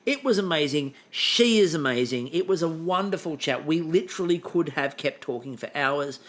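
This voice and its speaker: A man's voice: on the high side, animated, normal speed. A man co-hosting a podcast in casual chat, wry and self-deprecating, rambling between topics. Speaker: podcast co-host.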